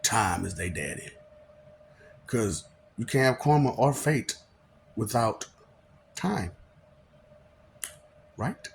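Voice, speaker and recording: A man's voice: medium pitch, lively intonation, slow pace, gravelly, long pauses, a little hiss or hum. A man delivering a rambling, preachy monologue to viewers, often laughing and firing off mocking rhetorical questions, sometimes stumbling over his words. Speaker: self-proclaimed god addressing viewers.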